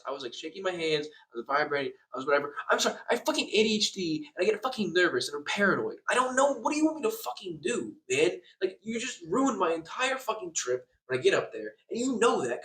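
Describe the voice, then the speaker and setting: Fast, heated young man ranting in an echoey room. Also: high-pitched, sing-song, a bit bright. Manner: heated, profane ranting with frequent restarts. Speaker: vlogger. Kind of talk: ranting vlog. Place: hotel room. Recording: echoey room, far from the mic.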